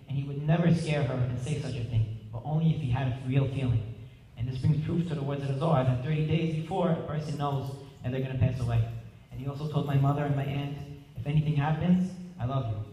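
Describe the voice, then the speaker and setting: A man's voice: mid-range voice, fast talker, warm tone. Earnest young man in an echoey hall. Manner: earnest, heartfelt, clears throat often. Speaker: grandson giving a eulogy. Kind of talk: memorial speech. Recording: echoey hall from far off, faint hiss.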